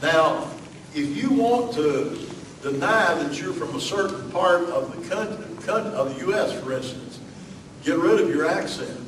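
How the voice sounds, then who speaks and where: Folksy Southern pastor preaching from off-mic. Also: male voice, a little high, lively intonation, unhurried, echoey room, recorded from a distance, slight background noise, low-quality recording. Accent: Southern US (Alabama). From Alabama, US. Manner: folksy, many fillers and asides. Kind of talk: sermon.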